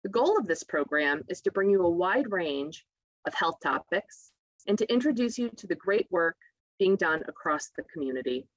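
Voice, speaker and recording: Low-voiced woman hosting a health show. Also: lively intonation, normal speed, no room sound, muffled recording. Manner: upbeat, encouraging interviewer. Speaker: TV show host. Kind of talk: local TV health interview. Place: local TV studio.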